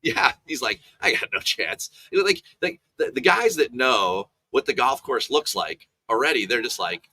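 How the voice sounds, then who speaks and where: A man with a bright, forceful voice talks through golf betting picks in a loose, casual chat. He rambles into side stories, restarting sentences and piling on asides as he goes. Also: medium pitch, very animated, moderate pace, creaky, hardly any pauses, husky.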